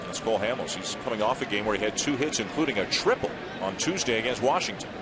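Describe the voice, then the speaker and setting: A man giving live play-by-play for a baseball game, steady and informative, rising for big plays. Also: lowish voice, fast, background noise. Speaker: play-by-play announcer.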